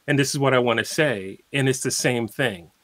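A man's voice: mid-range voice, normal speed, a bit bright. A man guest in a casual interview, explaining at an easy pace with plenty of fillers and spoken examples. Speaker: guitarist guest.

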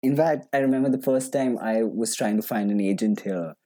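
A man's voice: fairly low pitch, brisk, warm tone. A man, an actor, chatting casually and animatedly, laughing often and restarting his sentences. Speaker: actor guest. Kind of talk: casual conversation.

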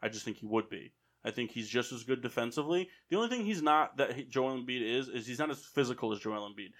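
A man's voice: mid-range voice, lively intonation, fast, a bit bright. A man co-hosting a casual sports podcast, arguing his opinions at length. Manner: opinionated, argues points at length. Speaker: podcast co-host.

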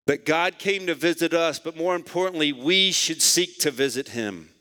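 A bright-voiced male pastor in his forties delivers a sermon, dropping to low, quiet lines and then climbing to near-shouts. His voice sits a little high. It rings out with the long reverb of a church sanctuary. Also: normal speed.

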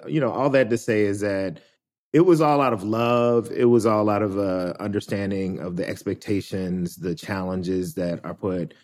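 A man with a low voice, speaking as a podcast guest. He talks reflectively and thoughtfully, with many pauses and filler words as he works through his thoughts. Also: darkish tone. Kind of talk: reflective conversation.

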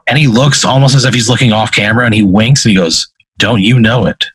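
Husky-voiced man running a role-play. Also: medium pitch, fast talker, a bit bright, no echo, rough recording. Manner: casual, profane, rambling. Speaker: game master. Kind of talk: narrating a tabletop role-play.

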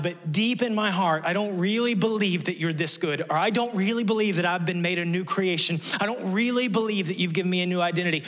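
A man's voice: high-pitched, brisk, a bit bright. A middle-aged male pastor preaching an impassioned sermon in a church, acting out the voices of the people in the story he tells. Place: church sanctuary.

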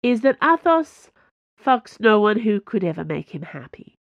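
A cheeky swordswoman mocks her friends, as a woman reads her. Her tone is low and gravelly. The recording is dry and dull. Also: sing-song, normal speed, fairly bright tone, no room sound. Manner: mocking and cheeky. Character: cheeky, mocking female swordswoman.

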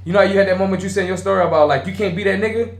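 A young man telling a story on a casual podcast, with animated swings between hushed and loud retellings. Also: high voice, very fast, echoey room. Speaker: podcast co-host.

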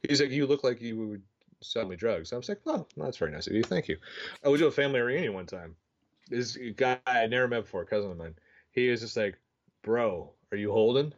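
A man in his thirties co-hosts a podcast, chatting casually with a brisk, lively, medium-pitched voice. He rambles, leans on fillers, and tells stories that poke fun at himself. The audio is dull and lo-fi.

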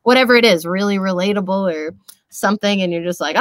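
A woman's voice: medium pitch, very animated, brisk, bright, forceful tone, dry recording. A young woman who works as a voice actress, chatting casually in an interview in a bubbly, rambling way with lots of fillers. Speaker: voice actress and social media creator.

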